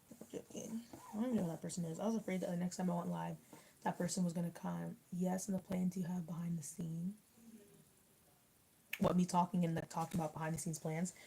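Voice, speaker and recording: A woman's voice: on the low side, vocal fry, mellow, a little hiss or hum, poor audio. A young woman in casual livestream chat, rambling with lots of fillers as she answers comments while eating. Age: young adult. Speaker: YouTuber reading live chat.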